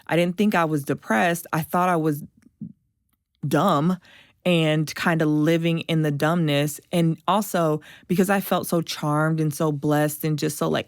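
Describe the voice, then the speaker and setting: A woman guest on a podcast, telling an emotional personal story in an animated way and acting out the voices of people she quotes. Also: sits low, unhurried, dry recording, studio quality.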